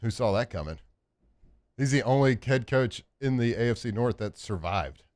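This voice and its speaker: A man's voice: mid-range voice, normal speed, no echo. A man hosting a sports radio show, talking casually and animatedly with lots of fillers, in a studio. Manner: animated, rambling with many fillers.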